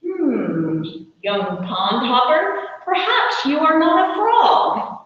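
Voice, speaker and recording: Lady doing a wise old turtle, slow and thoughtful, kinda dreamy, echoey far room. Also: sits high, animated, pitched above the performer's own voice. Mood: musing. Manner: ponderous, musing. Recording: far-off echoey hall, muffled.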